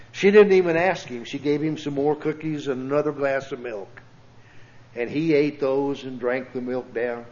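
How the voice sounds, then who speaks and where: A man preaching in a church, his voice pitched a little high and his delivery very slow and deliberate. He tells stories and makes earnest, pleading appeals. The recording is dull and lo-fi. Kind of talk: sermon with storytelling. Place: church sanctuary.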